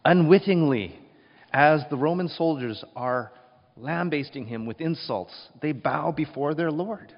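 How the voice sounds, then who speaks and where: A man preaching a sermon, telling the scene with emphatic, expressive storytelling. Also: on the high side, measured pace. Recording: dull recording with long reverb.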